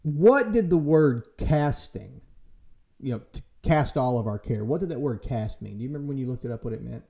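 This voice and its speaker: A man hosting a casual church podcast, talking in a lively way and acting out quoted voices for humor. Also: mid-range voice, brisk, vocal fry. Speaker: podcast host and church leader. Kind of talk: casual faith discussion.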